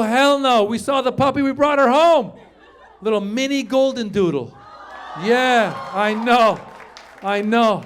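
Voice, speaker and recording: A middle-aged stand-up comedian from Iran who tells stories in a high, lively voice. He acts out quotes and sometimes shouts them. He is heard on a handheld mic on a club stage, with faint room noise behind him. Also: unhurried, a faint crowd. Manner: animated storytelling, acting out loud shouted quotes.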